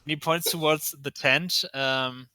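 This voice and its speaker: A man narrating as game master of a tabletop game at an unhurried pace. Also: fairly high pitch, steady tone, sharp tone, smooth, dry recording. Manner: unhurried, with frequent ums and laughs.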